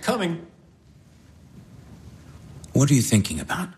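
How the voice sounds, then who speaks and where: Lovestruck baron, husky, earnest, voice swings around. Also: male voice, a little high, wildly swooping pitch, unhurried, darkish tone, heavily acted. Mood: tender. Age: late 20s. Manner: earnest and tender. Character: earnest romantic young baron in love. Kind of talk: stage drama acting.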